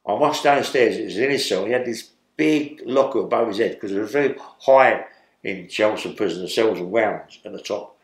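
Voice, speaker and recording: Speaking at a normal speed in a lowish voice, an older London man with a London accent tells an interviewer a meandering story from prison. This ex-criminal keeps checking in with "yeah?", and the recording has reverb.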